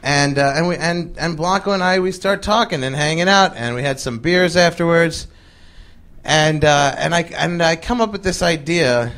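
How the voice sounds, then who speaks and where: A man's voice: on the high side, moderate pace, fairly bright tone. Chatty male comedian telling a story. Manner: chatty, laughing, many fillers. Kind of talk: stand-up storytelling. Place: stage before a live audience. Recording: live recording with audience noise.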